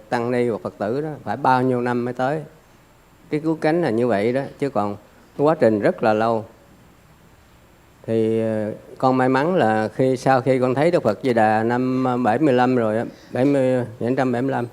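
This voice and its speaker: Male student, mid-range pitch; earnest, deferential reply with pauses. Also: a little mellow. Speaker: lay student. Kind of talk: respectful reply to a teacher.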